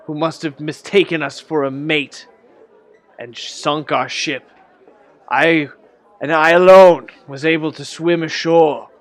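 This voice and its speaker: A jittery old man in a shady tavern, his voice pitched high and stammering as he pleads. A man puts him on for a tabletop game. He spills his story in nervous, halting bursts. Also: fairly bright tone.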